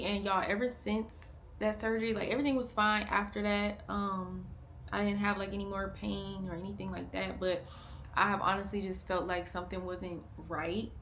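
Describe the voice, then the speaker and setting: A young woman talking candidly to her vlog camera. She speaks in a halting way, with many "like" fillers and restarts, at times hushed and strained. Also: medium pitch, steady tone, slight background noise. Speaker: family vlogger. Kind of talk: candid confessional vlog talk.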